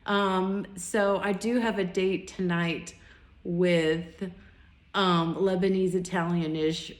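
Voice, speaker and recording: A woman's voice: fairly low pitch, fairly even intonation, slow pace, echoey room. A woman vlogger casually recounting a recent date, acting out both sides of the conversation with lots of fillers and restarts. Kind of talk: casual storytelling monologue.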